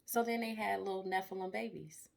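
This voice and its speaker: A woman giving a casual online Bible study, reading scripture aloud and breaking off into lively, exclaiming comments. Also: mid-range voice, brisk, creaky.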